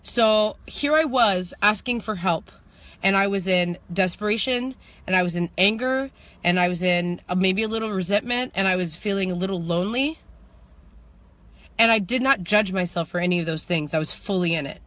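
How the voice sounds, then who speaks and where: A woman with a bright, forceful voice tells a personal story straight to the viewer. She is animated and laughs often, drawing some lines out slowly and rushing through others. When the feeling takes over, her voice climbs into shouts. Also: medium pitch. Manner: swings between slow reflective lines and fast excited telling. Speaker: spiritual manifestation coach. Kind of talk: storytelling vlog monologue.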